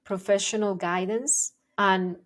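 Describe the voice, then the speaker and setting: A woman's voice: mid-range voice, fairly even intonation, a little slow. A woman working as a parenting educator, explaining her ideas to the camera in an earnest, emphatic way and repeating her key points. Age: adult, parent of young children.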